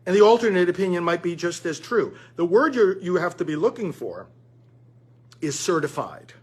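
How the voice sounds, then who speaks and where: Guy doing a political commentary talk, kinda high and husky voice, earnest, talks to listeners like friends. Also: sing-song, normal speed. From United States.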